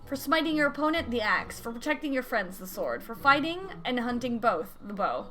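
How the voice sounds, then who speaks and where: A woman voicing a calm, wise older man, speaking slowly and deliberately in a lowered voice. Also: faint music behind. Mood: measured. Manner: slow, measured, deliberate.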